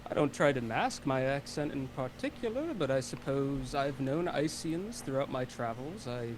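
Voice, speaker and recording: Male player, polite measured in-character talk, noisy background hiss. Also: medium pitch, animated. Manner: courteous, measured, hesitant with fillers. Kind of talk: in-character roleplay. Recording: background noise.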